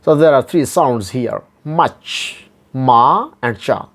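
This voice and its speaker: Male teacher, very slow and deliberate, repeats each example word several times. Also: medium pitch, expressive. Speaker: English phonetics teacher. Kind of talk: slow pronunciation lesson.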